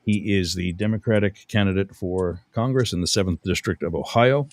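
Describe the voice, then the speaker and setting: A man's voice: sits low, moderate pace, no room sound. A middle-aged man hosting a radio talk show, rambling and chatty, often interrupting himself with fillers.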